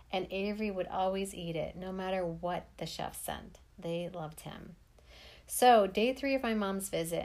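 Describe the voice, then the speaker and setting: A woman with a lower voice narrating her own life story. She tells it plainly, with dry, wry asides. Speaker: memoir narrator. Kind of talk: first-person memoir storytelling.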